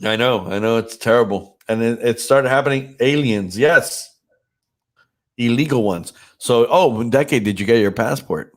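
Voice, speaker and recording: A man's voice: mid-range voice, moderate pace. A man hosting a casual podcast chat, teasing and swearing freely, with a stuffed-up nose. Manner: profane, joking, teasing. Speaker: podcast host and DJ.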